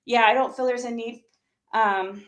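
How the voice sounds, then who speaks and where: A woman's voice: on the high side, steady tone, moderate pace. A woman livestreamer in a heated, profane rant, talking straight to her chat.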